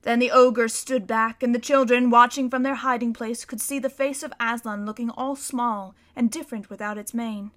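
A woman narrating a children's story aloud in an expressive, dramatic reading style. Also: on the high side, moderate pace, hardly any pauses.

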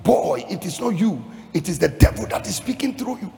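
A man's voice: high voice, animated, fairly quick, creaky, faint music behind. Emphatic male preacher in a reverberant hall. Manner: emphatic, swinging between hushed lines and shouted peaks; chanting, sing-song cadence. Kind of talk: sermon.

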